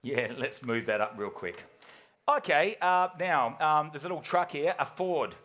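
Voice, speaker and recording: A man with a New Zealand accent calling bids at a live auction, rattling off amounts in a quick patter with quips for the floor. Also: on the high side, animated, fairly bright tone. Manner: rapid patter with quips, chanting bid amounts.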